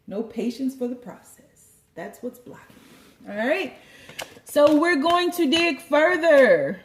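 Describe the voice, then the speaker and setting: Animated woman giving a tarot reading. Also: sits high, takes it slowly, long pauses. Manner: animated, preachy, joking, profane. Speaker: tarot reader. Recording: roomy echo.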